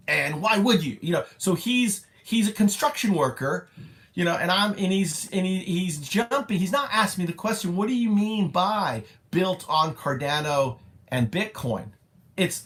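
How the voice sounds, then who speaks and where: A man ranting unscripted to his own camera, blunt and profane. His voice sits at an ordinary middle pitch, and he hammers his points with "right?" and sudden loud, insistent bursts. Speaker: vlogger.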